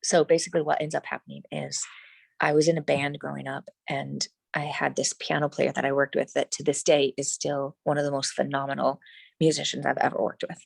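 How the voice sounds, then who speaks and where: Middle-aged woman guest telling her story, gravelly and low, dry close sound, keeps restarting. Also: brisk, no echo, poor audio. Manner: animated, emphatic, many restarts. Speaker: interview guest. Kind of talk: casual personal storytelling.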